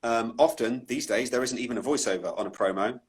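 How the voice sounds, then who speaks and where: A man with a slightly husky, unpolished voice speaks as a guest on an online video call. He talks thoughtfully, circling back and restarting his sentences and slipping in self-deprecating asides. His pitch sits in an ordinary middle range. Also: brisk. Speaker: voice-over artist, guest. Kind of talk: relaxed conversational interview. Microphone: online live video call.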